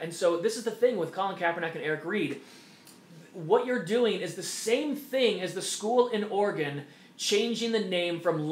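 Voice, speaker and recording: A man's voice: sits high, fairly bright tone. A man hosting an opinion monologue, talking emphatically and repeating his points. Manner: emphatic, repetitive, mocking quoted voices. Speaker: host. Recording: echoey room.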